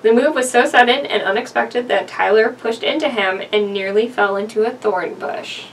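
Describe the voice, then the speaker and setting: A young woman with a slightly high voice reads a creepy story aloud in a casual, joking way, often slipping into giggles. She sits a little back from the mic, and a faint hum of background noise sits under her voice. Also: moderate pace, distant mic, rough recording. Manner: giggly, joking, breaks into laughter. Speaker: co-reader of a horror story. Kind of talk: casual story reading with banter.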